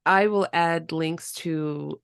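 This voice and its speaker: A woman's voice: low-pitched, takes it slowly, creaky, clear, resonant tone, no echo, clean studio sound. A woman hosting a podcast interview, talking in an enthusiastic, chatty way with many filler words. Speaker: podcast host. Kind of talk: casual interview chat.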